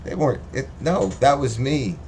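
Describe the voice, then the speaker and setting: A man's voice: mid-range voice, expressive, moderate pace, a little mellow, slight background noise. A man rambling casually and profanely on a livestream, joking as he talks. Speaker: livestream host.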